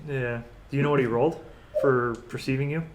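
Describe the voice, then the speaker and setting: A man's voice: medium pitch, steady tone, brisk. A man narrating a tabletop game as game master in a casual way.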